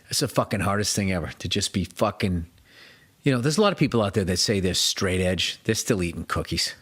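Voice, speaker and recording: Profane ranting man, low voice. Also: animated, brisk, a bit bright, husky. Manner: profane, ranting, self-mocking. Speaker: podcast host. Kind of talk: solo comedic podcast rant.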